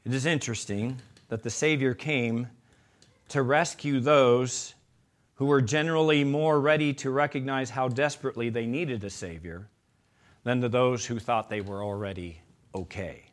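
A male pastor preaching an emphatic sermon, calling his listeners beloved and swinging from loud declarations to hushed appeals. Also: mid-range voice, moderate pace.

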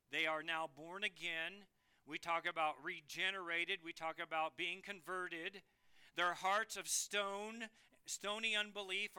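A man preaching a sermon earnestly, swinging between emphatic declarations and hushed, quiet phrases. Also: fairly high pitch, smooth.

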